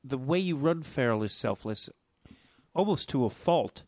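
A man's voice: mid-range voice, animated, moderate pace, a little mellow, dry recording, clean studio sound. A man, a comedian, talking candidly and with swearing on a podcast while stuffed up with a cold. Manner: candid, profane. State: stuffy nose. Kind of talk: casual podcast chat.

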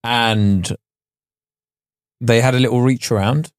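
A man's voice: medium pitch, steady tone, takes it slowly, clear, resonant tone, no echo, studio quality. A young man, co-hosting a podcast in a laid-back storytelling manner. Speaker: podcast co-host. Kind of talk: casual chat.

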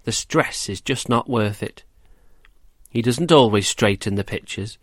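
A man reading a rhyming children's story aloud, gentle and measured, then quizzing children about it. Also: mid-range voice, no echo, studio quality. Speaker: storyteller and host.

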